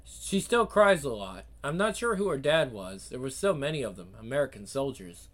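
A man voicing a gentle, chatty older woman nursing a baby, talking softly and unhurriedly in a comic reading. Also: mid-range voice, very animated, normal speed. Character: old woman, young mother, gentle chatty.

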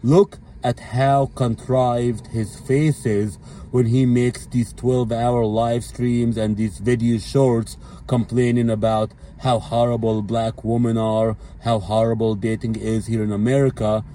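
A man's voice: medium pitch, little pitch movement, measured pace, dark tone, slight background noise. A man delivering a blunt, profane ranting monologue as a commentary vlogger, leaning on repeated fillers.

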